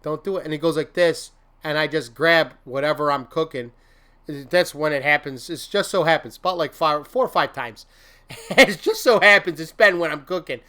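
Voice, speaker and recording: A man's voice: on the high side, normal speed, sharp tone. A man hosting a casual motivational livestream, rambling and laughing often, breaking into silly mock-venting with made-up curses. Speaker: host.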